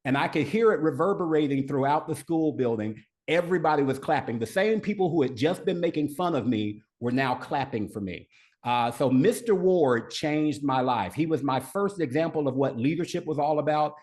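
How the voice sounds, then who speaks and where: A man's voice: fairly high pitch, animated, moderate pace, darkish tone. A man guest on a podcast, telling a personal story in an earnest way, with an occasional stutter. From United States. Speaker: podcast guest, leadership coach. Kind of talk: storytelling interview answers.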